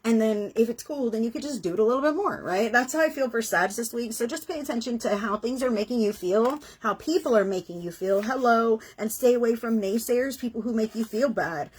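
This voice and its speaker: Middle-aged woman doing a tarot reading, husky, a bit high, chatty and earnest. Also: fairly quick, few pauses. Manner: chatty, earnest, emotional, swears casually. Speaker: tarot reader. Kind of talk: casual spoken tarot reading.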